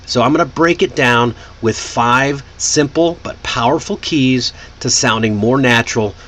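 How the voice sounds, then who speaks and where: A man from Texas, teaching an online English pronunciation lesson. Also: medium pitch. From Texas, United States. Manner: slow, lively, animated delivery.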